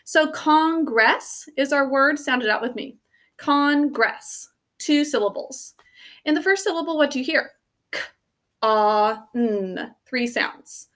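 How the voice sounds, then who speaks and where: A woman teaching a spelling lesson, sounding out words letter by letter in a slow, patient way. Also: sits high, a bit bright.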